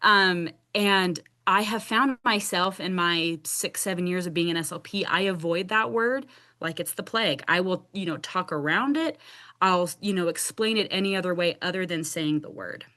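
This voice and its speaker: A woman's voice: on the low side, moderate pace, sharp tone. A young woman who stutters, hosting a casual support group discussion on a video call, with repeated sounds and restarts. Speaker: support group host and speech-language pathologist.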